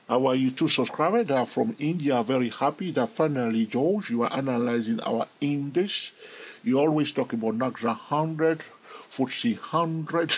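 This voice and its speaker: A man hosts a casual chart walkthrough in a husky, slightly breathy voice. He chats loosely and keeps checking in with his viewers through questions and asides. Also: medium pitch, rough recording. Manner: chatty, asks viewers questions, frequent "all right?". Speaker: trading video host.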